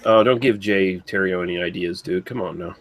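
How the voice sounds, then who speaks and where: Low-voiced sarcastic podcast guy. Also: brisk, slight background noise. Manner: sarcastic, crude and loose. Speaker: podcast co-host. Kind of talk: casual chat.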